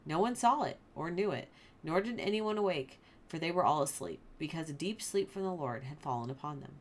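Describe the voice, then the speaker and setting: A woman's voice: sits low, animated, fairly quick, slight background noise. A woman who hosts a Bible study, reading passages aloud and commenting on them in a chatty, informal way. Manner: chatty and informal, lots of "like" and fillers.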